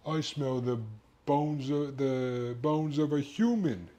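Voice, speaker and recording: A man putting on the voice of a menacing giant, chanting slowly and drawing out the words. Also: a little high, fairly even intonation, mellow, muffled recording, pitched above the performer's own voice. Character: booming menacing male giant.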